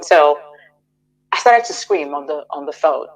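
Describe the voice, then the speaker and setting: A middle-aged woman as a radio interview guest, giving a measured, hesitant personal account with frequent restarts and fillers. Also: lowish voice, expressive, rough recording.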